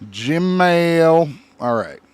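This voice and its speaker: A man's voice: a little high, very animated, very slow, clean tone, dry recording. A man hosting a casual podcast chat, swearing freely and laughing often. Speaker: podcast host.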